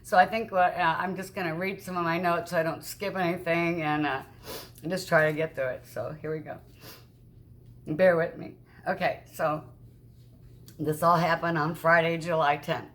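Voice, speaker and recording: A woman vlogger telling a frightening personal story, shaken and halting, with many restarts and acted-out quotes in a raised voice. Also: fairly low pitch, fairly even intonation. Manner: acts out quoted dialogue with raised voice. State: upset.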